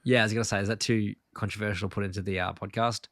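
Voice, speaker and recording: A man's voice: fairly low pitch, steady tone, rapid-fire, fairly bright tone, dry recording, clean studio sound. A man co-hosting a podcast in casual chat, retelling episode plots in a rambling way with many fillers. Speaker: podcast co-host.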